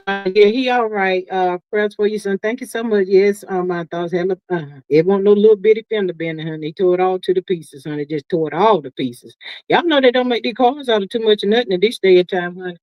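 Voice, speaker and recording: This is a middle-aged woman at medium pitch hosting a live stream, reading viewer comments and calling everyone honey and child in a casual, folksy way. She talks a lot, with emphasis and drawn-out asides. There's no room sound, and the recording is dry, lo-fi, and somewhat muffled.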